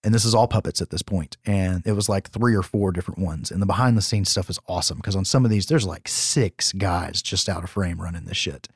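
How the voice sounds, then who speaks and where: A man with a lowish voice tells a movie's story on a podcast, swearing freely and getting animated. The sound is dry and close. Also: a little fast, few pauses, husky, no room sound. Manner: profane, animated movie recapping. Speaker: podcast co-host. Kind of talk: casual chat.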